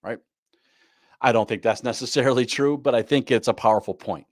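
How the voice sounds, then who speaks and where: A business coach runs a live online class on goal planning, speaking briskly in a medium-pitched voice. He repeats his key points and keeps asking "right?" The studio sound is clean and dry.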